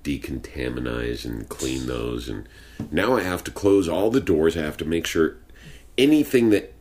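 A young man with a very low voice tells rambling stories in casual chat. He swears freely and talks in a laid-back, unhurried way. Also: darkish tone. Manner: profane, storytelling, laid-back drawl. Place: home studio with sound blankets.

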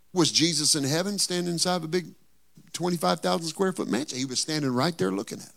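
A male pastor preaching a sermon in a conversational tone, firing rhetorical questions at the congregation and building to loud, emphatic peaks. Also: on the high side, quick pace, vocal fry.

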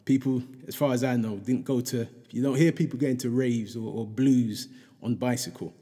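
A man's voice: mid-range voice, steady tone, normal speed, mellow, slightly rough, long reverb tail. A middle-aged man, chatting casually and reflectively, rambling with lots of fillers and restarts. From England.

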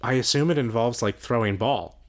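A podcast co-host with a medium-pitched voice talks briskly. He reads listener mail aloud and keeps the chat wry and jokey, cursing casually along the way.

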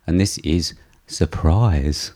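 A man hosting a casual movie podcast, jokey and quick to laugh as he runs the segments. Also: sits low, dark tone. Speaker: podcast host.

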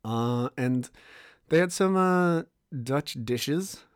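A man's voice: a little high, lively intonation, very slow, clear, resonant tone, no echo, studio quality. A young man hosting a podcast, talking casually in a rambling way with lots of fillers and restarts. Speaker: podcast host. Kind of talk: casual solo podcast intro.

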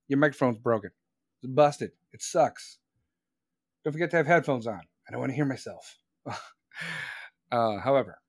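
A man rants in a loose, crude and sarcastic way, drifting from one tangent to the next. His voice sits a bit high for a man, and the recording is dry and close with no room sound. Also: no echo. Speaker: live-stream host. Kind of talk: casual profane rant.

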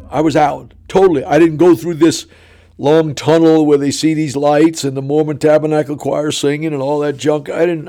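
A man preaching with a drawl, his voice sitting a little high for a man. He tells his story in an animated way and plays the other people's lines himself. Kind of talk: sermon testimony storytelling.

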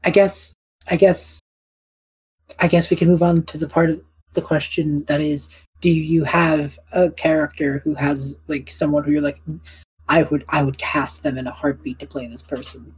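A woman co-hosts a relaxed gaming podcast, reading out listener questions and joking as she rambles. Her voice is very husky and breathy, with a mellow, dark tone, pitched a little low. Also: moderate pace, low-quality recording. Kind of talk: casual chat.

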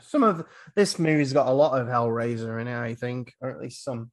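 A man's voice: mid-range voice, brisk. Guy hosting a movie podcast, rambly, lots of ums, does little voices for quotes. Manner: rambling, with fillers and acted-out quotes. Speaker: podcast host. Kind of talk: casual film chat.

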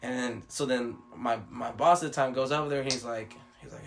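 A man's voice: mid-range voice, fairly even intonation, brisk, few pauses, a bit bright. A man telling a long story in casual chat, rambling and swearing, acting out what others said. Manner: rambling, profane, with many fillers and acted-out quotes.

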